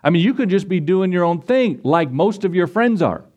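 Emphatic preacher with a higher voice. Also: male voice, animated, normal speed, muffled recording. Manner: emphatic, repetitive, swinging between loud and quiet. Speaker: pastor. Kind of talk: sermon.

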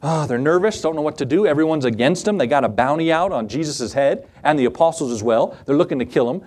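A middle-aged man preaching a sermon as pastor, animated and acting out Bible scenes in different voices. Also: a little high, fast talker.

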